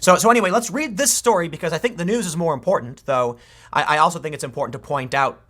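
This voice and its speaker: A man's voice: a little high, fast talker, bright, forceful tone. A man giving an unscripted political commentary monologue, opinionated, with mocking asides.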